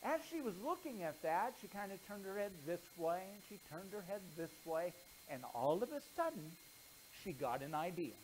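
Pastor guy telling a kids story at church, very animated voice, faint hiss. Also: sits high, normal speed, low-quality recording. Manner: animated storyteller, then earnest preaching. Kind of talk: children's story and sermon.

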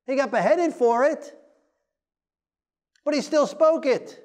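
A man with a very high-pitched voice delivers a sermon. He preaches forcefully and plainly, and he mocks the timid voices he quotes. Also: lively intonation, unhurried, pauses often.

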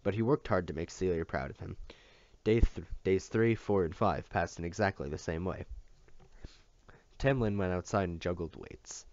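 Deep-voiced man reading a novel aloud. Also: normal speed, no room sound. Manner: expressive, occasional slips and rereads. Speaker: audiobook reader. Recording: dull lo-fi dry recording.

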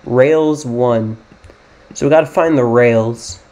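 A man's voice: medium pitch, slow, mellow. Rambling American man thinking aloud. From United States. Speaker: gaming YouTuber. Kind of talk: casual gameplay commentary.

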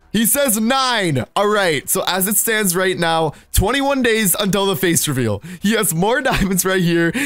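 Young guy doing hyped game commentary, high voice, lots of exclaiming, bit of music underneath. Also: a bit bright, clean tone, no echo. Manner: hyped, exclaims often, laughs a lot. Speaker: gaming channel host. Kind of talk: excited gameplay commentary.

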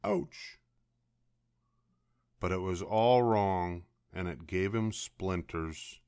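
An older man reading a children's picture book aloud as a bedtime story, slow and expressive. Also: low voice, clear, resonant tone, no room sound, clean studio sound.

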